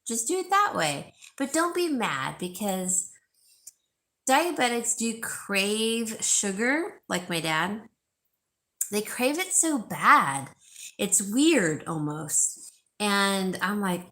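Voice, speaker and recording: A woman's voice: mid-range voice, lively intonation, takes it slowly, bright, forceful tone. A woman hosting a live sale stream, chatting casually and reading viewer comments, rambling with fillers and restarts. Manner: gushing, repeats herself for emphasis.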